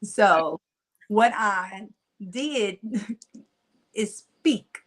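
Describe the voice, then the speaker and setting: She draws out her words in a medium-pitched voice with a Southern country twang. In her forties, this motivational speaker tells stories during a casual interview, lively and quick to laugh.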